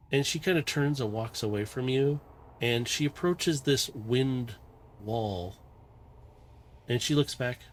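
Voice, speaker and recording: A man running a tabletop game as game master, narrating a dream scene in a calm, meandering, descriptive way. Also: medium pitch, unhurried, a little hiss or hum.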